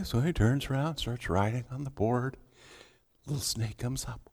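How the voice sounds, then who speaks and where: A man's voice: mid-range voice, moderate pace, darkish tone. A man preaching a sermon as a pastor, telling a story and acting out its scenes. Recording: long hall reverb.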